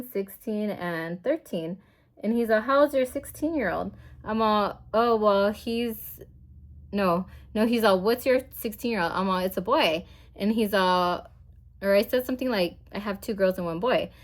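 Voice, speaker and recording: Woman, 40s beauty vlogger, rambling storyteller, mid pitch, everyday at-home chat. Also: measured pace. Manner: rambling and chatty, full of "like" and "I'm like". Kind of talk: casual storytelling while getting ready.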